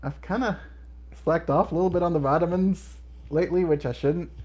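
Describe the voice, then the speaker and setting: This is a middle-aged man running a livestream, laughing a lot as he goes through viewer comments in an easygoing chat. His voice sits a little high, sounding husky and darkish, and his delivery is brisk.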